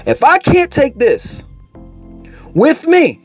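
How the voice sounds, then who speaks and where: Animated, high-voiced man ranting. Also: slow, slightly rough, faint music behind. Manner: animated, profane, mocking. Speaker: vlogger. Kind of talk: casual commentary rant.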